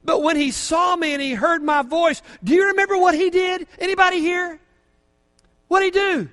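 An older man preaching a sermon as pastor, fervent, moving from quiet asides to shouting praise, in a church. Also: extremely high pitch, normal speed. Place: church sanctuary. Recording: long hall reverb from a church.

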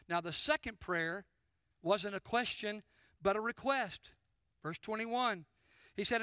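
A man preaching a sermon as pastor, his voice pitched very high with a bright, forceful edge. He keeps putting questions to the congregation and speaking to them directly. The sound is dry and close. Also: smooth, no echo.

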